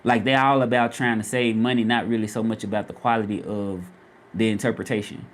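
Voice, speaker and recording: A man's voice: fairly low pitch, level tone, brisk. A man from Memphis with a Southern accent, chatting casually on a livestream and repeating his questions to viewers. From Memphis, Tennessee. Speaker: vlogger and freelance Spanish interpreter.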